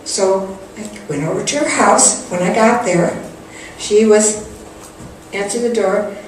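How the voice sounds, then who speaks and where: A woman's voice: medium pitch, measured pace. An older woman giving a spiritual talk and earnestly telling a personal story, acting out the quotes. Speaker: spiritual teacher. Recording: echoey hall, distant mic, faint noise.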